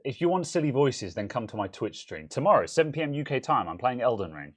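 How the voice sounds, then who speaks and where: A man's voice: mid-range voice, very animated, fast talker. A young English man with a Home Counties accent, co-hosting a casual tech live stream in a rambling, self-interrupting way. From England. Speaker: co-host.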